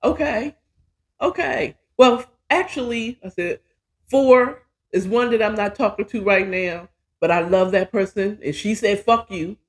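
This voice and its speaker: A woman's voice: mid-range voice, normal speed. Chatty, candid woman telling her story. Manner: candid, profane, chatty and self-mocking. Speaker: podcast host. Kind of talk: casual personal storytelling monologue.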